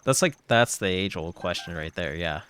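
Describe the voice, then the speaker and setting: A man's voice: low voice, expressive, normal speed, fairly bright tone, a little hiss or hum. A man chatting on a live gameplay stream, rambling with lots of filler words and frequent laughs. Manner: laughs often.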